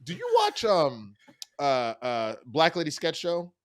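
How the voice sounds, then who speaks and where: A man in casual conversation, walking through a TV episode scene by scene. He slips in and out of the characters' lines with lively swings in pitch. His voice sits a little high for a man. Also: measured pace. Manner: animated retelling with quoted character lines and laughs. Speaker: TV critic. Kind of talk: casual recap chat.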